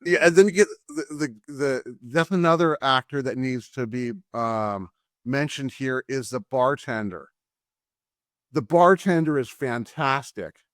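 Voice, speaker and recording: An easygoing man co-hosts a casual movie-review chat from home, thinking aloud and doubling back on his words. His voice sits at a middle pitch and sounds dry and close to the mic. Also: a little slow, a bit bright, dry recording. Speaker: podcast co-host.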